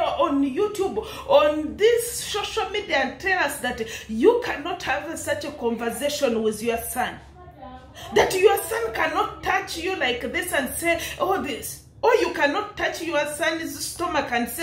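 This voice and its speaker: A woman's voice: sits high, big pitch swings, a little slow, echoey room. A woman with an East African English accent ranting in commentary, indignant and laughing, firing rhetorical questions. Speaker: commentary vlogger.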